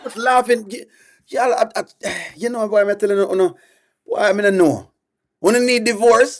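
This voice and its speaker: A man's voice: high voice, moderate pace. A man reacting on a live stream, exasperated and pleading with his chat, repeating himself over and over.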